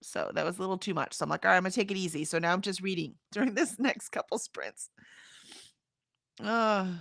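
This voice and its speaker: A woman with a gravelly, fry-edged voice, talking in relaxed stream chatter as she hosts a writing session. Her sound is close and dry, with no room around it. She drifts between small talk and reading comments aloud. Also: mid-range voice, fairly quick, no room sound. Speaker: livestream host of writing sprints. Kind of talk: casual chat.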